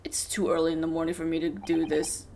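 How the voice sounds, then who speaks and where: A woman's voice: low-pitched, completely flat delivery, fast talker, vocal fry. A woman streamer giving casual, joking gameplay commentary with profane asides. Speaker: let's play streamer. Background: game music.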